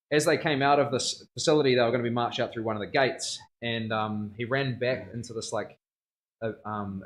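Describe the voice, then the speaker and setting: A man, a tattoo artist chatting casually on a livestream, slangy and rambling, often laughing. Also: mid-range voice. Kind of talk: casual chat.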